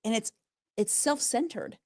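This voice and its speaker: A woman who works as a public speaker and trainer, telling stories in an emphatic, animated way during a podcast interview. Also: a little high, measured pace.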